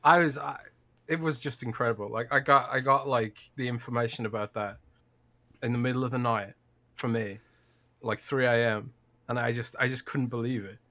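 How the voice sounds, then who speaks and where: A man co-hosting a casual gaming podcast, relaxed and quick to laugh. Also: medium pitch. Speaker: podcast co-host. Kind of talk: casual chat.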